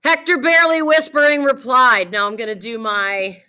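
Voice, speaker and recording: A woman's voice: high-pitched, fairly even intonation, normal speed, pushed and bright, smooth. A woman teacher leading a classroom reading lesson, guiding her students carefully.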